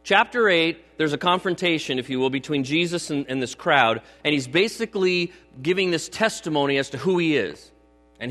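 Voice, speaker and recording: A man's voice: on the high side, a bit bright. Middle-aged male pastor, emphatic and conversational. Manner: conversational, emphatic, often checks in with the audience. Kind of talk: sermon. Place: church sanctuary. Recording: long hall reverb with mains hum.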